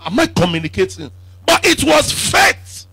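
Emphatic gravelly preacher with a lilt. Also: male voice, sing-song, moderate pace, slight background noise. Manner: emphatic call-and-response preaching, swinging from shouts to low asides. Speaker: apostle preaching. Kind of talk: sermon.

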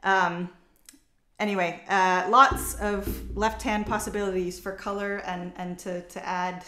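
A woman's voice: medium pitch, a little slow. Lady teaching cello online, lots of ums, kinda echoey room. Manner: relaxed, explanatory, with frequent fillers and restarts. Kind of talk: online masterclass.

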